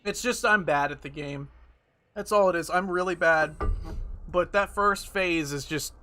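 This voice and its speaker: Bright-voiced cursing male game streamer. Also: a little high, measured pace, soft background music. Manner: self-deprecating, swears a lot, frustrated outbursts. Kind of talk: casual gameplay commentary.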